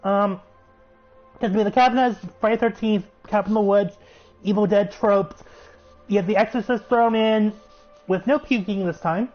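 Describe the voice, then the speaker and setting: A man giving a chatty, excitable recap of a show episode. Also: high-pitched, normal speed, pauses often. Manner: chatty, excitable, laughs while retelling. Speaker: show reviewer. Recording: muffled recording with faint music.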